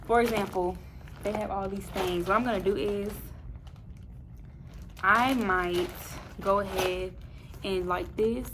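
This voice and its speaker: A woman's voice: medium pitch, slight background noise. A young woman, a first grade teacher, chatting casually and thinking aloud as she tidies her classroom for a vlog. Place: classroom, indoors.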